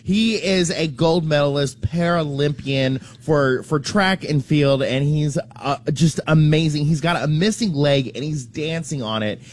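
A man's voice: on the high side, unhurried, hardly any pauses, no room sound. A man co-hosting a morning radio show, talking with gushing enthusiasm. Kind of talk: casual morning radio chat.

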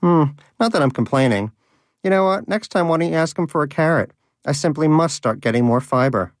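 Snide storybook hamster, high and mocking, gloating with a lively swing, put on by a man narrator. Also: a little slow, no room sound, clean studio sound, natural voice. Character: sarcastic greedy male pet hamster.

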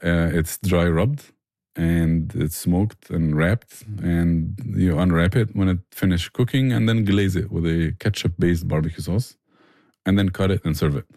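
Deep, mellow man. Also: measured pace, creaky, no room sound, studio quality. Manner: earnest, enthusiastic, restarts phrases often. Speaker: barbecue restaurant owner, guest. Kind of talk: conversational interview answers.

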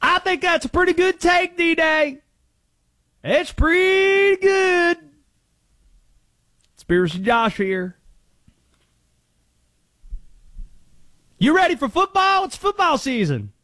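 A man doing an excitable, conspiracy-minded character with a put-on Cajun accent, loud and drawling. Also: extremely high pitch, slow, long pauses, no room sound, pitched above the performer's own voice, exaggerated voice. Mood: playful. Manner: loud, drawling, shouting and rambling.

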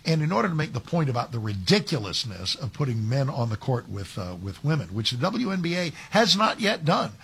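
A man's voice: medium pitch, very animated, a little fast, vocal fry, few pauses, a bit bright, a little hiss or hum. A man filling in as host of a talk radio show, giving emphatic commentary with many restarts and asides. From Texas.

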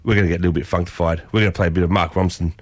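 A man's voice: low voice, fairly even intonation, rapid-fire, no echo. An Australian man hosting a morning radio show, chatting upbeat and calling listeners folks. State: coughing. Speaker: radio host. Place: radio studio.

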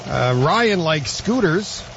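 A male radio host in casual, playful banter, chatty and quick to laugh. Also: a little high, big pitch swings, creaky, a bit bright, dull audio, slight background noise.

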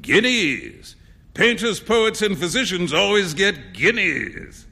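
A man's voice: high-pitched, big pitch swings, slow, vocal fry, sharp tone, breathy edge, big-room sound, voice pushed up, heavily acted. A man voicing a boisterous theatrical painter. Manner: theatrical, emphatic exclamations. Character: flamboyant, boisterous male painter, self-assured.

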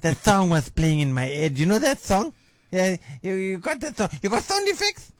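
A man's voice: high voice, sing-song, normal speed, no echo. A man voicing a gossipy middle-aged female agony aunt, giggly and theatrical, in a radio comedy sketch. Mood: gushing. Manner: dramatic, giggly, swooping theatrical delivery.

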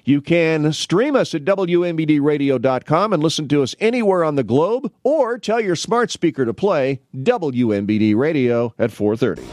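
A man's voice: on the high side, animated, moderate pace, few pauses, a little mellow. A man filling in as host on a local radio talk show, chatting casually with rambling restarts and wry asides from a studio mic.

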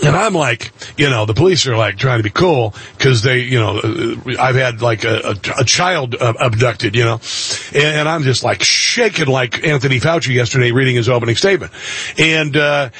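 A male radio and TV host telling a story in an excitable monologue, his voice jumping up into loud outbursts. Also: medium pitch, normal speed, breathy edge, no room sound.

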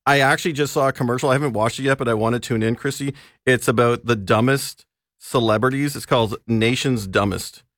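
A man's voice: medium pitch, fairly quick, fairly bright tone, no room sound, clean studio sound. A man reviewing movies and chatting casually on a radio show, laughing often as he talks. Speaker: entertainment reviewer. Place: radio studio.

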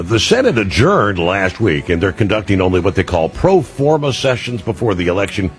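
A man hosting a talk radio show, reading news items and adding opinionated, conversational asides with frequent "uh" fillers. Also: deep voice.

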